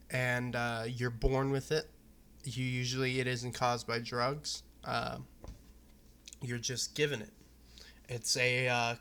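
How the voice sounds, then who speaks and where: A young man from Arizona talks straight to camera in a loose, rambling vlog, cursing freely as he goes. His voice is bright and edgy, and it stays on an even, level pitch with little rise and fall. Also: clean tone. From Arizona, USA. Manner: candid, loose, profane, rambling. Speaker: vlogger. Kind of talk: casual personal talk to camera.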